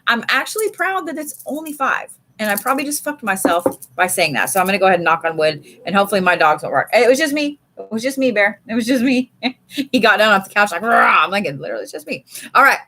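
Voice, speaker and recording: A woman's voice: medium pitch, animated, quick pace, bright, forceful tone. A woman giving a casual live card reading from home, chatty and swearing freely. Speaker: live tarot reader. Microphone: streaming setup.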